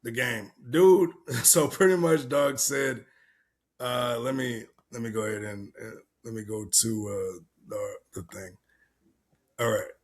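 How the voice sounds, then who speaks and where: A young adult man hosts a podcast, reacting to a video clip in casual chat. His medium-pitched voice keeps a measured pace, and he talks bluntly and loosely.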